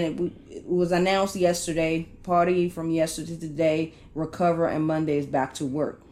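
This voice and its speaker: A podcast co-host talking calmly and a little hesitantly, with frequent restarts, in a casual debate. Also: mid-range voice. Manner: calm, hesitant, with many restarts.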